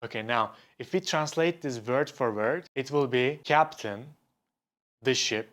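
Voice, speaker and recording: A young man, teaching a language lesson in a clear, deliberate way and slowing down for examples. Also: medium pitch, fairly bright tone. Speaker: Turkish teacher.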